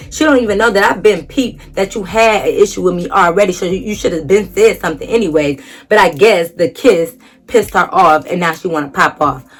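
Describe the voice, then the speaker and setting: A young woman vlogger telling a dramatic storytime story casually, acting out quotes and swearing freely. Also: medium pitch.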